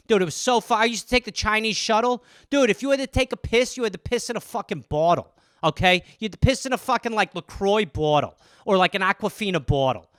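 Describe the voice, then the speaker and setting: A man's voice: sits high, sharp tone, smooth, dry recording, clean studio sound. A comedian hosting his podcast solo, rambling loosely with plenty of swearing. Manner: loose, profane, rambling with fillers. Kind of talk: casual solo riffing.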